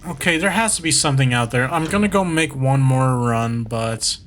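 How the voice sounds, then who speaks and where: A man's voice: medium pitch, moderate pace, a bit bright, slight background noise. A man giving casual, rambling commentary while playing a horror game as a streamer. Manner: rambling, chatty, self-correcting. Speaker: gaming streamer. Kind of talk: casual let's-play commentary.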